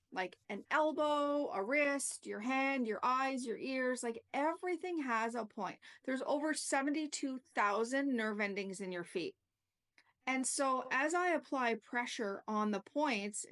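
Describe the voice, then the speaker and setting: Chatty, higher-voiced woman teaching. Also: a bit bright. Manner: chatty, peppers talk with "like" and "okay?". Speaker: reflexologist and yoga teacher. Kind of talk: casual storytelling and explanation.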